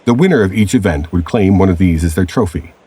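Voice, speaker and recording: A man with a very low, husky voice narrates a scripted time-travel story. He reads in a steady, measured way, like a storybook read aloud.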